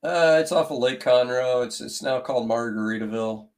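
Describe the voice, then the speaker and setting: A man co-hosting a casual sports podcast, talking in a calm, measured, conversational way. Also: mid-range voice.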